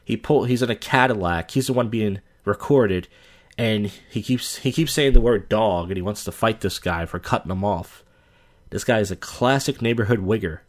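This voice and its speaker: A man's voice: lowish voice, moderate pace. A man hosting a reaction video, giving crude, sarcastic commentary. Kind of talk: casual commentary.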